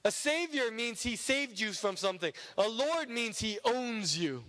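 A man delivering a sermon in a high voice that carries through a big reverberant hall. He preaches emphatically, swelling up and then sinking to a hushed low tone. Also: lively intonation, unhurried.

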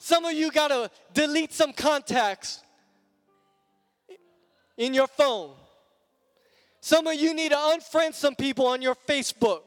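A male preacher delivering an emphatic, repetitive sermon that builds to shouts. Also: very high voice, unhurried, pauses often. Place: church sanctuary. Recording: long church reverb with music.

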